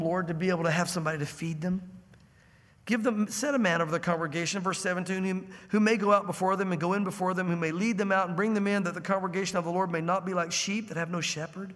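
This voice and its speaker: A male pastor with a high voice teaching through scripture in a relaxed, conversational way. He slips into the voices of the people he describes. His voice rings with the long reverb of a church hall. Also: fast. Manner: conversational, acts out biblical characters' lines. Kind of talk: expository sermon.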